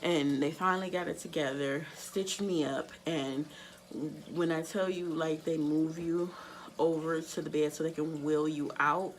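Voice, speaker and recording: A young woman with a low voice recounts a personal story straight to camera, loose and candid, peppering her sentences with "like." A faint hum of room noise sits behind her. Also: steady tone, a little slow, poor audio. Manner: candid, many fillers like "like". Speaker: vlogger.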